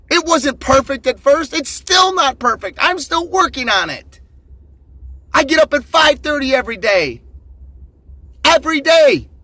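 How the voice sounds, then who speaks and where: A middle-aged man giving a swearing, shouting motivational rant into a phone camera. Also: extremely high pitch, dry recording. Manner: intense, swearing, shouting bursts. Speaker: motivational vlogger. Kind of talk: ranting motivational monologue.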